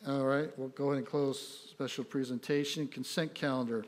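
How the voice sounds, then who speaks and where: A man running a city council meeting as mayor, relaxed and folksy, cracking small jokes. His voice rings out in a reverberant council chamber through a desk microphone. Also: mid-range voice, a little fast, few pauses. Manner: friendly, joking, folksy. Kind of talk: chairing a public meeting, casual asides.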